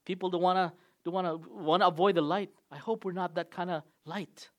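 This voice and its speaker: A man as pastor preaching a sermon, emphatic, with sudden swings between loud and soft. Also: sits high, steady tone, fairly quick.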